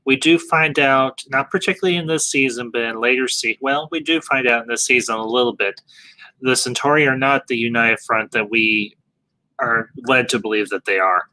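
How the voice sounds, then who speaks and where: A man's voice: mid-range voice, moderate pace, bright, forceful tone, no room sound, rough recording. A man hosting a casual discussion, speaking animatedly, posing questions and restarting his sentences. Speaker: podcast host moderating a discussion.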